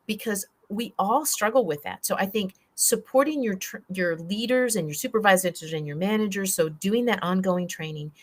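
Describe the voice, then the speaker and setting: A woman's voice: medium pitch, a little fast, few pauses. A woman speaking on a workplace wellbeing panel, earnest and emphatic as she builds on what others have said. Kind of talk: panel discussion.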